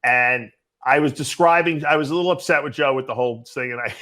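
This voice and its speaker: A man hosting a casual podcast talks at a quick clip in a mid-range voice. He often restarts his sentences, repeating the first words, and keeps the conversation moving. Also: medium pitch. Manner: fast, animated, repeats words when restarting. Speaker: podcast host. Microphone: video call podcast.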